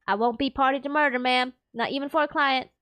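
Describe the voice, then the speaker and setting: Woman reading a stern Texan private eye, polite but unbending, bright high voice. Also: steady tone, quick pace, no echo. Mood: firm. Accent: put-on Texan. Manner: polite, firm, addresses client as ma'am. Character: gruff Texan male private detective, principled. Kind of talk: reading game dialogue aloud.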